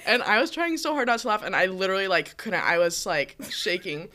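A woman's voice: mid-range voice, brisk, hardly any pauses, sharp tone. A woman in her twenties from the United States, a teacher, telling a rambling story in casual chat with lots of fillers. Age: 20s.

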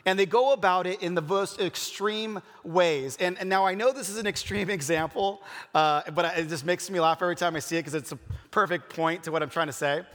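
A man's voice: high-pitched, brisk, fairly bright tone. A man preaching a casual sermon in a church, repeating key points and laughing easily. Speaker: pastor. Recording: long hall reverb.

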